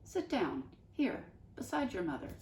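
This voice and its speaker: A woman's voice: medium pitch, very animated, measured pace, a little hiss or hum, voice pushed up. Brief: soothing storybook doctor, a woman, read aloud by a woman, roomy sound. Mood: coaxing. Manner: gentle and coaxing.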